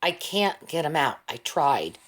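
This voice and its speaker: A tired, stubborn young soldier talks wearily but will not give an inch, as a woman reads him in an audiobook. His voice sits a little low and plain. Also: big pitch swings, unhurried, heavily acted. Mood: weary. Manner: weary and insistent. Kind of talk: audiobook character voice.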